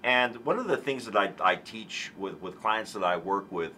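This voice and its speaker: A man in his forties speaks earnestly as a talk show guest, his voice low-pitched but sharp and forceful in tone. He stumbles through restarts and then lifts into animated emphasis. A faint background hiss sits under the recording. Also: normal speed. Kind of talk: earnest conversational storytelling.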